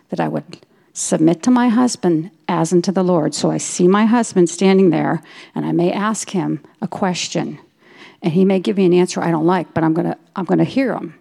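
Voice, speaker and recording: A woman's voice: on the low side, vocal fry, warm tone. A middle-aged woman giving an earnest personal testimony in a devotional talk, telling stories and quoting herself and others. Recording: long reverb in a hall.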